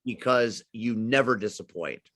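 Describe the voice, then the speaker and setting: Brief: male host, effusive showman, mid-pitched voice, dry sound. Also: measured pace, fairly bright tone, no echo. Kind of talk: interview host wrap-up.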